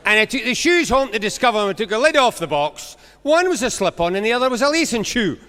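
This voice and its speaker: A Scottish man working through stand-up jokes with quick, punchy setups. His voice sits high and rings bright, carried by a long reverb from a big concert hall. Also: very animated. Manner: brisk joke-teller, punchy setups. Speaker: comedian. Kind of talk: stand-up storytelling on stage.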